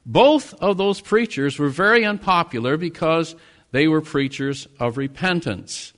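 A man from the United States delivering a sermon in a somewhat high voice. His preaching is earnest, swelling on key words and falling back to quieter, weightier phrases. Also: animated, unhurried. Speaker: pastor.

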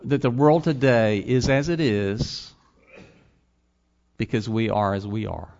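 A pastor who also teaches college preaches slowly in a fairly low, gravelly, slightly mellow voice, posing rhetorical questions to the congregation and building to emphatic points. The sound is slightly dull and lo-fi.

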